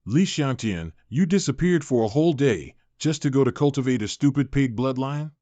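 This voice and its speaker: A man voicing an arrogant, mocking male clan bully in a manhwa recap, read in a flat, even way. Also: mid-range voice, normal speed, no echo, close to an everyday voice.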